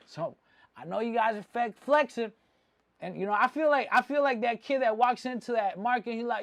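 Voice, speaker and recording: A man's voice: very high voice, expressive, fairly quick, creaky, no echo. A man from Mexico City, a jewelry vlogger, giving a rambling, slang-heavy opinion rant with frequent asides.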